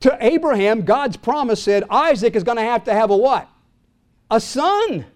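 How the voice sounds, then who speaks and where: An older man preaching a sermon, asking his listeners questions and swinging from loud calls to hushed lines. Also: extremely high pitch, very animated, moderate pace. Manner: asks the congregation questions. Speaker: pastor.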